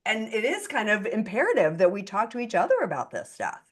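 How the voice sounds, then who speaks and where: A woman co-hosting a podcast, talking in a casual, animated interview style with quick asides. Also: medium pitch. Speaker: podcast co-host.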